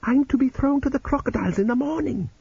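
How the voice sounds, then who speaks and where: A man reading an audiobook voices a timid, dutiful young woman prisoner who speaks in a hushed, fearful way. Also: high-pitched, very animated, normal speed, slightly rough, dry recording, pitched above the performer's own voice, exaggerated voice. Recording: dull lo-fi audiobook recording.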